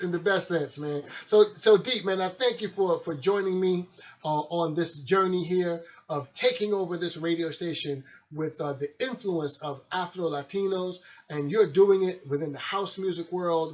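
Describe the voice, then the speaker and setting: Laid-back chatty male radio host. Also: a little high. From Pennsylvania, USA. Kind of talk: casual interview chat. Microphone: studio mic, guest on the phone. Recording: slightly dull, lo-fi recording.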